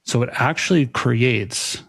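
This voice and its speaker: A man's voice: medium pitch, slow, a bit bright, husky, dry recording, studio quality. A man co-hosting a podcast, speaking reflectively and searching for words, often restarting his phrases. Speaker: podcast co-host. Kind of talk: casual podcast conversation.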